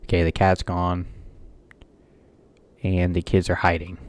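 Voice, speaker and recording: Low-voiced man swearing through a gameplay video. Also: monotone, a little slow. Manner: joking, swears often, mutters reactions. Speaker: gaming streamer. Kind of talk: casual let's-play commentary.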